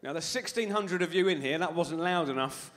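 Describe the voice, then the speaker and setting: A man's voice: fairly high pitch, a little fast, a bit bright. A man doing live stand-up comedy on a big concert hall stage, sweary and playful, teasing the crowd.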